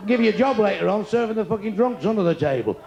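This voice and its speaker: This comic in his sixties, doing brash and crude crowd work at a comedy club, speaks fast in a high, expressive, slightly mellow voice. The audio is dull, and the live room is noisy with laughter.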